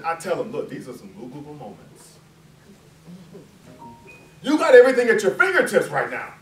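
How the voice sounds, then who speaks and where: A guest lecturer, a man with a slightly high voice, gives a passionate college lecture that is emphatic yet conversational, peppered with rhetorical questions. The mic sits far off in an echoey room, picking up faint ambience and a little hiss or hum.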